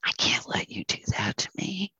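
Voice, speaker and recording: A storyteller voicing a gentle, proud ox in a parable, speaking slowly and often in a whisper. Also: no echo, lightly acted, low-quality recording. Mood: hurt. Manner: soft, slow, often whispered. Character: gentle proud ox, dignified and wise.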